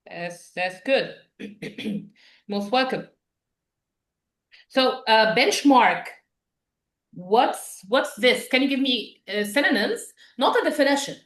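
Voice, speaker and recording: A woman teaching an English vocabulary class, patient and quick with praise as she explains words. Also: a little high, lively intonation, a bit bright, roomy sound.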